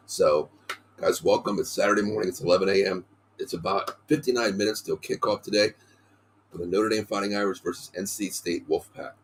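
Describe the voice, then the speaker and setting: A man with a hoarse voice hosting a casual sports podcast, excitedly running through game stats. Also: low-pitched, slight background noise. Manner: excited, talks in quick bursts of stats. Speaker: podcast host.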